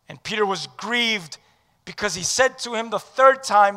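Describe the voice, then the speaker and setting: A male pastor preaching with a high, bright, forceful voice that swings from loud declarations to hushed words. He draws the congregation into call-and-response. His sermon rings out with a long hall reverb. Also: moderate pace. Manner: leads the audience in call-and-response.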